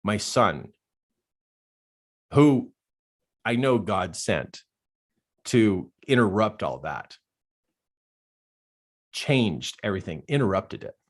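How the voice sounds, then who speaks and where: A man with a fairly low pitch delivers a live coaching talk slowly, pausing often as he tells a personal story with earnestness. He lowers to a hushed voice for the dark moments and becomes animated in others.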